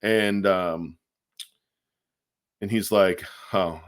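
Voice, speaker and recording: A man with a very deep voice co-hosts a casual podcast. He tells a long anecdote in a loose, chatty way, acting out the quoted lines and filling pauses with ums and likes. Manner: animated storyteller, acts out quotes, many fillers. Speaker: podcast co-host. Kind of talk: casual storytelling.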